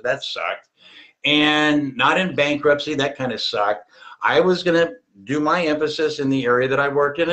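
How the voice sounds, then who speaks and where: A man's voice: mid-range voice, fairly bright tone. A middle-aged man hosting a personal finance show, giving a punchy, emphatic motivational monologue with casual swearing.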